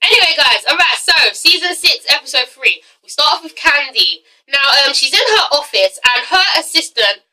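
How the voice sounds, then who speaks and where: A woman's voice: high-pitched, animated, moderate pace, hardly any pauses, pushed and bright, recorded from a distance, poor audio. A young English woman reviewing a TV show in a casual rant, blunt and sassy, swearing freely and tagging her points with "okay?". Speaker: TV review vlogger.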